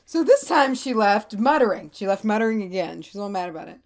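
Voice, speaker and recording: A woman co-hosting a podcast, telling a history story in animated casual chat, swearing and laughing often. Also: medium pitch, fairly quick. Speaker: podcast co-host.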